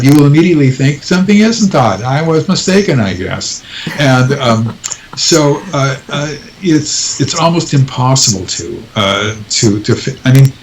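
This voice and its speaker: A guest author answers interview questions in casual talk, hesitating with lots of ums and restarts. His voice is medium-pitched, and the recording is rough.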